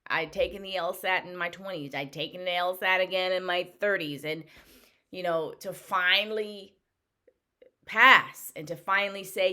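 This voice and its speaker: A woman's voice: fairly low pitch, a little slow, sharp tone. A woman in her thirties, a vlogger, telling a candid, emotional personal story with frequent restarts. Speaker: vlogger recounting her bar exam.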